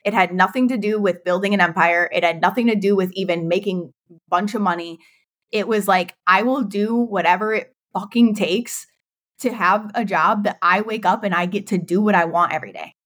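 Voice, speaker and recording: A woman's voice: medium pitch, a little fast, fairly bright tone. A woman in her thirties, a guest on a podcast, talking candidly about her business and laughing often. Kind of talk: casual interview chat.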